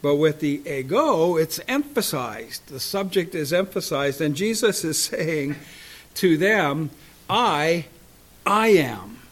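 Man, Bible study teaching, slow, higher voice, frequent chuckles, emphatic scripture reading. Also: sing-song. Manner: unhurried, chuckles often, reads scripture aloud with emphasis.

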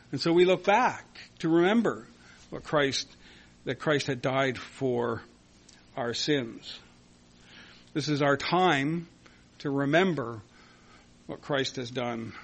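A man preaching a communion sermon as pastor, slow and halting, with many fillers and soft chuckles. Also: mid-range voice, husky.

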